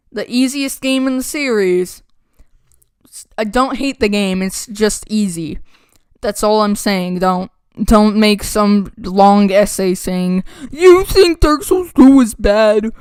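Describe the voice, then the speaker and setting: A woman's voice: medium pitch, clean tone, no room sound, clean studio sound. A woman rambling through a casual game recap, blunt and mocking, laughing between remarks, with a playful put-on country twang. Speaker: gaming channel host.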